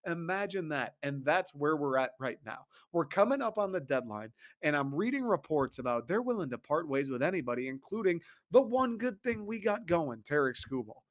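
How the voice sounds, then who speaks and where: A man's voice: on the high side, sing-song, normal speed, hardly any pauses. A young man, host of a sports talk show, ranting with profane exasperation and mocking laughs. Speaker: podcast host.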